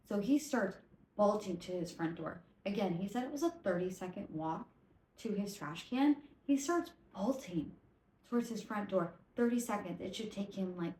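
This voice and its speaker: A woman hosting a casual storytelling podcast, tipsy from vodka, retelling stories in an animated, rambling way with swearing and stumbling self-corrections. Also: medium pitch, moderate pace, echoey room, rough recording. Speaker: podcast host.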